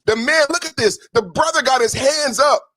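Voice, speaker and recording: A high-pitched man hosting a live stream, talking straight to his chat. He repeats himself and swings between quiet, earnest talk and loud shouting. The sound is dry and close. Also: normal speed, no echo. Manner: emphatic, repetitive, swings between soft and shouting. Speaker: podcast host. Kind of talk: live-stream commentary over clips.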